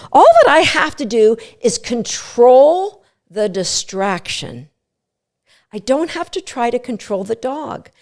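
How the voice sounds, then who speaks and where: A middle-aged woman hosting a dog training podcast, animated and playful, often breaking into quick voices for what a dog might be thinking. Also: sits high. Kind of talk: podcast teaching talk.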